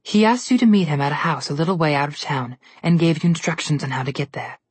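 A woman voicing a cold, mocking evil queen who speaks from a mirror, low and whispery. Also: lively intonation, fast talker, breathy edge, dry recording. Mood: taunting.

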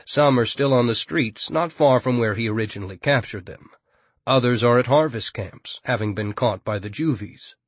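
A man narrating an audiobook in a steady, even storytelling manner. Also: mid-range voice, normal speed, breathy edge, no room sound. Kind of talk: scripted narration.

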